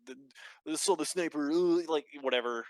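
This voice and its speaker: A man co-hosting a podcast, casually recapping a show with lots of fillers and swearing. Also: a little high. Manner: animated, quick storytelling with lots of fillers and swearing. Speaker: podcast co-host. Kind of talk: casual chat.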